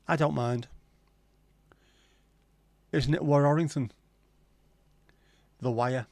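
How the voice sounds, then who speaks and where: A man's voice: fairly high pitch, steady tone, drawn-out words, vocal fry, a little mellow, dry recording. A man hosting a casual livestream, chatting and bantering loosely with plenty of swearing while reading viewer comments. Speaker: livestream host.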